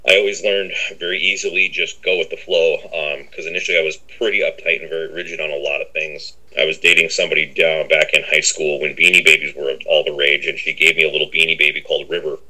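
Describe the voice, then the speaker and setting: Middle-aged male interview guest, very low pitch, bright tone, rambling and casual with lots of fillers. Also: little pitch movement, fast, few pauses, low-quality recording. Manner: rambling, with many fillers and a habit of repeating "on that end".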